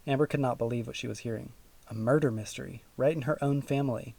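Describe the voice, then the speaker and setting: A man reading a children's audiobook aloud in a steady, even storytelling manner. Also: medium pitch, fast talker, creaky, no room sound. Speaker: audiobook narrator. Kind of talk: scripted narration.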